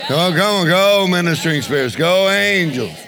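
A man preaching a charismatic sermon, shouting, laughing and leading the congregation in call-and-response. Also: sits high, animated, moderate pace. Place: church service. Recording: crowd and background noise.

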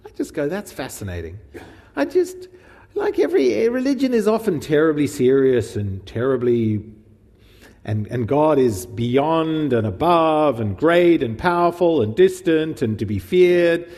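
Big-room acoustics surround a man whose voice is a little high as he preaches from the Gospel at a measured pace. The tone is informal and animated, with questions directed at his listeners throughout.

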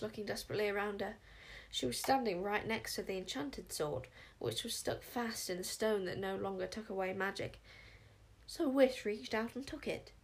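A woman reading a children's fantasy story aloud, lively and expressive. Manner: lively, voices the characters with big pitch jumps. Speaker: audiobook narrator.

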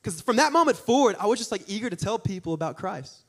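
A young man preaching a sermon, telling stories in an animated, joking way with asides to the congregation. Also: sits high, fast talker. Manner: animated, jokey storytelling with audience asides. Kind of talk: storytelling sermon.

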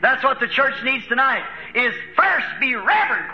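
An American man preaching a fervent sermon, chuckling between lines and rising to shouts. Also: very high-pitched, sing-song, moderate pace, muffled recording, a little hiss or hum. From United States.

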